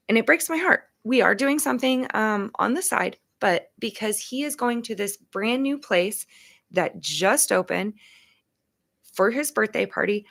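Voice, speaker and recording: Gravelly-voiced woman host, emphatic. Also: mid-range voice, fairly bright tone. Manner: emphatic, chatty, open about feelings. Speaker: show host. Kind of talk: casual talk on empathy and boundaries.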